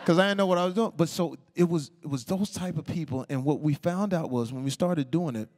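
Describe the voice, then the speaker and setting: A man telling animated stories as the guest of a live stage interview, acting out the people he quotes. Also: fairly high pitch, moderate pace. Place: onstage talk before a live audience.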